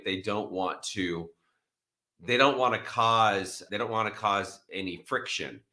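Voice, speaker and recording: A man hosting a casual podcast interview, answering his guest with reflective remarks and short agreements. His voice sits low yet carries a bright, forceful edge. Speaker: podcast host.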